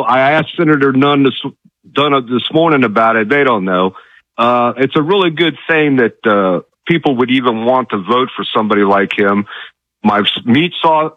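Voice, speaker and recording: A man from Virginia calls in to a talk radio show, chatty and friendly but quick to turn indignant. His voice comes through a dull, muffled phone-in line, dry and at an ordinary male pitch. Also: dry recording. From Virginia, USA. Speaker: caller.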